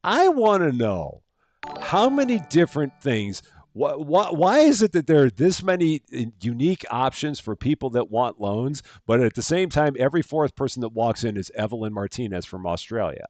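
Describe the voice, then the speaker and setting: A man's voice: medium pitch, animated, brisk, hardly any pauses, a little mellow, no room sound. A man chatting casually as he live-streams a game at home, thanking viewers by name and laughing at himself. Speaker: streamer playing a bank simulator game.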